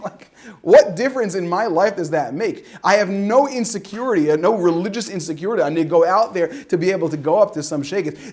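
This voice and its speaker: Animated rabbi with a lively high voice. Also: male voice, a little fast. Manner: animated storytelling with acted-out dialogue and asides; mixes in Yiddish and Hebrew words. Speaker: rabbi teaching high school students. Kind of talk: informal Torah talk.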